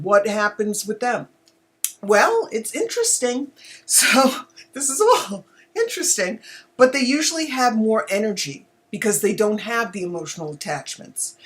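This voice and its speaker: A woman hosting a live online talk show on animal communication, speaking casually and emotionally, often exclaiming and laughing. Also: medium pitch.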